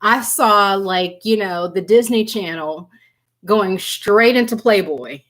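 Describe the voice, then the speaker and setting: A woman's voice: medium pitch, slow, a bit bright. A woman reading tarot cards on a live stream, chatty and giggly, addressing her viewers by name. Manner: giggly, keeps breaking into laughter and apologizing. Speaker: tarot reader.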